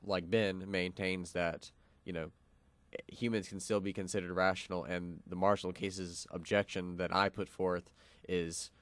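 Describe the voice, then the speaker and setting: Young guy on college radio, really low voice, lots of ums, dry studio sound. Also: dry recording. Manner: many fillers and restarts, explanatory. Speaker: radio show co-host. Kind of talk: casual philosophical discussion.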